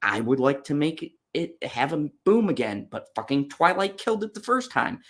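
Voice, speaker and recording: A man's voice: fairly high pitch, big pitch swings, moderate pace, fairly bright tone. A man hosting a casual livestream, reviewing horror movies with blunt, profane ranting and chatting with viewers. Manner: talks to live chat viewers. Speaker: channel host.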